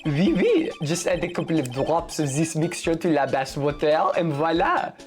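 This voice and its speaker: A woman's voice: low voice, very animated, a little mellow, soft background music. A woman voicing a flamboyant male restaurant owner with a put-on French accent, theatrical and flirty, reading a video game's lines. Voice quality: theatrical, flirty, drawn-out vowels.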